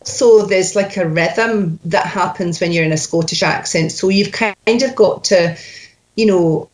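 A woman dialect coach explaining accent work in a measured way, with many fillers. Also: fairly low pitch.

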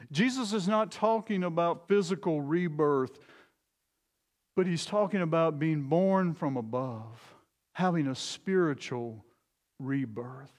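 A man preaching a sermon as a pastor, emphatic, slowing and dropping low on key phrases. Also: in a large hall.

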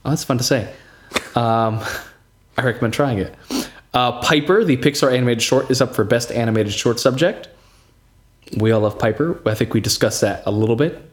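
A man's voice: mid-range voice, normal speed. A man hosting a podcast in casual chat, who laughs easily and reads out lists. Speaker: podcast host.

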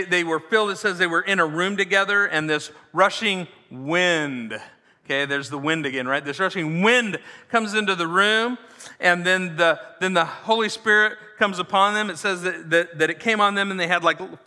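A man preaching a sermon to a congregation in a lively, conversational way, often checking in with "right?". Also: sits high, long reverb tail. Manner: animated, conversational, frequent "right?" asides. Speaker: pastor.

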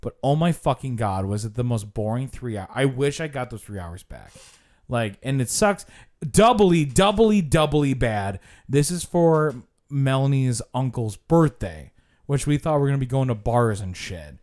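A man's voice: mid-range voice, moderate pace. A man hosting a podcast, telling a story casually with lots of swearing and fillers. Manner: animated, profane storytelling with frequent "like". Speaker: podcast host. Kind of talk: casual chat.

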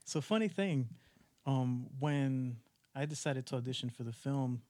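A man's voice: mid-range voice, unhurried, no room sound. A young man, a podcast guest who acts and makes music, telling a story in casual chat and acting out what he thought back then. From United States. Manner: animated storytelling, acts out his own past thoughts.

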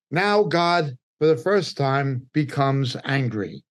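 Slow, deliberate New teacher. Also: male voice, mid-range voice, lively intonation. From New York. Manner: deliberate, emphatic, pausing between phrases. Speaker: Bible teacher. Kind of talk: midweek Bible study teaching.

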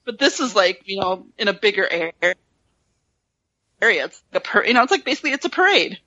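A woman's voice: mid-range voice, sing-song, fast, bright, forceful tone, no room sound. A woman chatting on a casual podcast, giggly and rambling, filling her talk with "like". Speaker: podcast co-host. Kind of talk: casual chat. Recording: slightly muffled audio.

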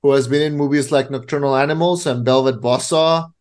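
A man co-hosting a casual podcast, explaining with relaxed fillers. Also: mid-range voice, brisk. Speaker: podcast co-host. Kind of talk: casual chat.

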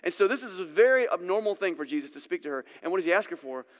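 Conversational preacher in a reverberant hall. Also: male voice, sits high, expressive, very fast. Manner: conversational, storytelling, uses asides. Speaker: pastor. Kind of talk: sermon.

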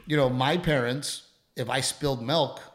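Animated middle-aged man, chatty co-host. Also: mid-range voice, normal speed. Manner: animated, acts out quotes, swears freely. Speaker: podcast co-host. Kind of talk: casual chat.

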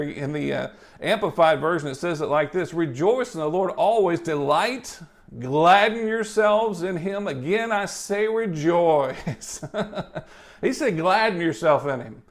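A male preacher giving a folksy, upbeat sermon, often adding "you know" and chuckling between points. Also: fairly high pitch.

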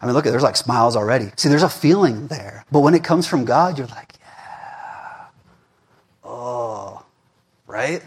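Husky male pastor, preaches with wide swings from loud to hushed. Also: medium pitch, brisk, hardly any pauses. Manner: animated, swings between shouting and murmuring. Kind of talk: sermon. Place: church.

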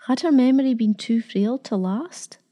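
Female storybook narrator, calm and measured, with a warm, dark tone. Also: fairly high pitch. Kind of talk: storybook reading.

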